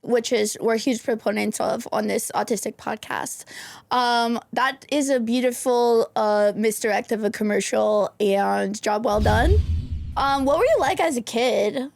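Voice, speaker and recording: A woman's voice: on the high side, a little slow, creaky. A woman hosting a podcast, asking curious, chatty questions in a casual interview. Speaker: podcast host.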